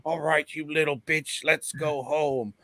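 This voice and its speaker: A man voicing an angry, foul-mouthed British gambler who shouts and curses. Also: fairly high pitch, steady tone, measured pace, dry recording, studio quality, pitched above the performer's own voice. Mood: furious. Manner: shouting, cursing, raging.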